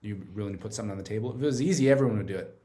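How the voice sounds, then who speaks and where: A man's voice: on the low side, rapid-fire, mellow. A man speaking as a guest in a casual podcast conversation, earnest and explaining, often checking in with "right?". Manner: earnest, tags points with "right?". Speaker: guest, treatment center director.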